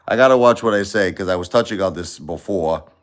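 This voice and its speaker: Low-voiced man ranting on a livestream. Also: brisk. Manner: rambling, repeats himself, animated. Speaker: livestream host. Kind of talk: casual opinion livestream.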